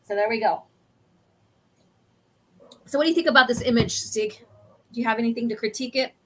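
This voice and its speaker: A woman hosting a casual chat, walking through comic pages and reading lines aloud with many pauses. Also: on the high side, a little hiss or hum. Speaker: host.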